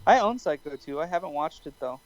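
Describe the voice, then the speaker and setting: A man's voice: on the high side, animated, fast talker, slight background noise, poor audio. A man co-hosting a podcast, chatting casually and enthusiastically about films. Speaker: podcast co-host.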